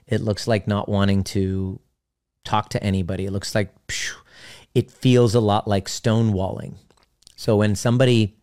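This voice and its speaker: A man's voice: on the low side, a little mellow. A man who works as a relationship coach, talking casually and animatedly, acting out his clients' voices now and then. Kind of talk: casual teaching talk.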